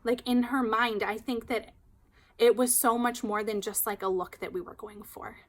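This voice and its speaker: A woman hairstylist telling a client story in casual, animated chat, full of "like". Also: on the high side, moderate pace. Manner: chatty, animated, heavy use of "like".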